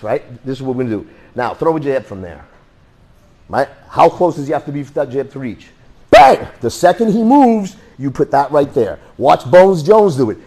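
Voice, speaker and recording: A man teaching a self-defense class in a blunt, joking, animated way. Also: fairly high pitch. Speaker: martial arts instructor.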